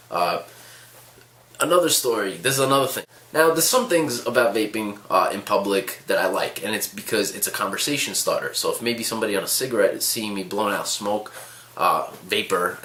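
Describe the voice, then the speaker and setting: A man who tells stories to the camera casually, with animated, sarcastic asides. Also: lowish voice, a little hiss or hum. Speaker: vlogger. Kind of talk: casual storytelling. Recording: echoey room.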